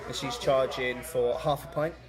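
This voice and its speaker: A man's voice: medium pitch, steady tone, normal speed, crowd noise, poor audio. A young man telling a story on a podcast in casual, rambling, sweary chat full of fillers. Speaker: podcast co-host.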